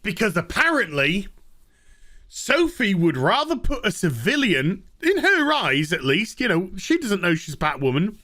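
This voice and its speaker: A man's voice: sits high, huge pitch swings, unhurried, bright, forceful tone. A man reviewing a TV show in a sweary, sarcastic, exasperated rant. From Northern England.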